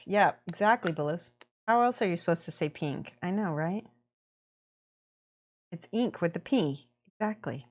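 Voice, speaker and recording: A woman painting miniatures on a stream, chatting casually, reading chat aloud and laughing often. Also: lowish voice. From American Midwest. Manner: chatty, laughs often, plays with word pronunciations.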